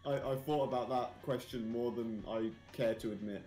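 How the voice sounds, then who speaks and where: A man's voice: mid-range voice, fairly even intonation, normal speed, dark tone, faint music behind. A British man bantering on a game stream, joking around, laughing a lot and swearing freely. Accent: British English. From England.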